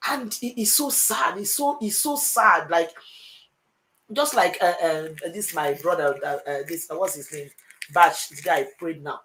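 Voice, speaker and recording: Earnest woman, halting and emotional. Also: lowish voice, a bit bright, poor audio. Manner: earnest, halting, many fillers. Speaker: panelist. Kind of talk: emotional online panel discussion.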